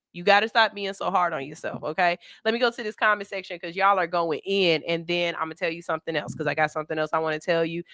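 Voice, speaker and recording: A woman's voice: fairly low pitch, sharp tone, no room sound. A woman hosting a morning radio show in a studio, talking candidly with plenty of cursing and a pep-talk tone while reading listener comments.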